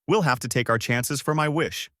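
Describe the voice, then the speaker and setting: A man's voice: medium pitch, moderate pace, fairly bright tone, dry recording, studio quality, close to an everyday voice. A male narrator voicing a bossy, scheming young woman adventurer, with a raised, exclamatory delivery.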